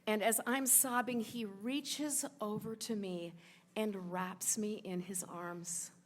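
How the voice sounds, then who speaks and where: A woman in her forties telling a true personal story on stage, emotional, rushing through some parts and slowing way down on others. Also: medium pitch, fairly even intonation. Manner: emotional, quick bursts of telling with sudden slowdowns. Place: stage at a live event in a sports bar.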